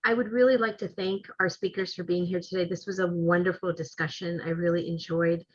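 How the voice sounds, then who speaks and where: Low, husky-voiced woman host. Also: fairly even intonation, brisk, lo-fi sound. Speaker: host of a speaker series. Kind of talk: webinar wrap-up and announcements.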